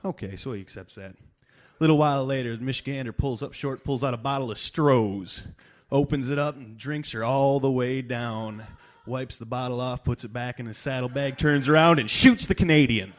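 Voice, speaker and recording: A man's voice: medium pitch, normal speed, few pauses. A man at an open mic in a bar, reading aloud and telling a joke as a folksy storyteller who punches up the punchlines.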